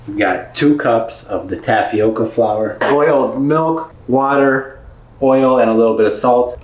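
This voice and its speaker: A man with a fairly low voice hosts a home cooking vlog, upbeat and talking straight to his viewers. He is recorded on a camera mic in an echoey kitchen with faint background noise. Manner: upbeat, addresses viewers directly. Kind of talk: casual cooking demo.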